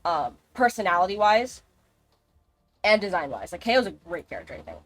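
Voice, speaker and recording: A woman's voice: mid-range voice, sing-song, fairly quick. A woman streaming a game live, chatting in a rambling, casual way and swearing freely. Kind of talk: casual gaming livestream chat.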